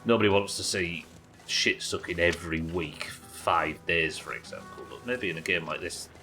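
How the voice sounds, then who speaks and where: A man's voice: sits low, normal speed, pushed and bright, faint music behind. A man chatting loosely while streaming a survival game, rambling, swearing and joking at his own expense. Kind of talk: casual gameplay commentary.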